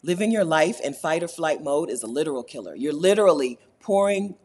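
A woman with a low, slightly husky voice hosts a relaxed live stream, answering viewer comments. Her pitch rises and falls with animation as she laughs easily and repeats her key points for emphasis. The delivery is informal and chatty. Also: fairly quick. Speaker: YouTube host answering live chat. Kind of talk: casual live-stream chat.

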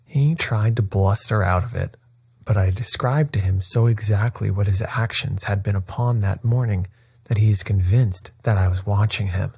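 A man voicing a coolly confident male detective in a bedtime story reading, calm and faintly ironic. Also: lowish voice, normal speed, creaky, slightly rough, no room sound, exaggerated voice. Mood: dry.

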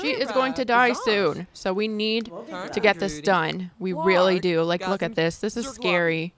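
A young woman giving casual let's-play commentary, chatty and excitable, squealing at cute moments. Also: mid-range voice. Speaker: gaming video creator.

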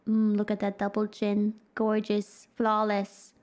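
A woman's voice: mid-range voice, completely flat delivery, measured pace, a little mellow. A young woman streaming a game, gasping and reacting playfully as she reads in-game text aloud.

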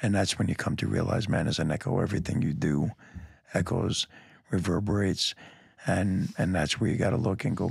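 Gravelly, raspy middle-aged man, blunt. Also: low voice, fairly even intonation, a little fast, no echo, studio quality. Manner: emphatic, blunt, frequent "man" and "you know", repeats words. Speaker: police lieutenant guest. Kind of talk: candid conversational storytelling.

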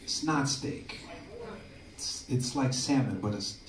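A man's voice: medium pitch, takes it slowly. A man doing a loose, crude stand-up comedy set, often tagging lines with "dude". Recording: echoey room from far off, crowd laughter.

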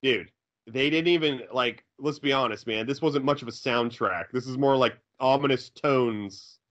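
A man's voice: mid-range voice, moderate pace, fairly bright tone, highs cut off. A man co-hosting a riffing movie commentary in a laid-back, wry way. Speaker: co-host.

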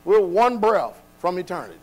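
Preaching man, swinging from hushed to shouting. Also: big pitch swings, normal speed, rough recording. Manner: rises from low, quiet passages to shouting, preaching cadence. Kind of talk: sermon.

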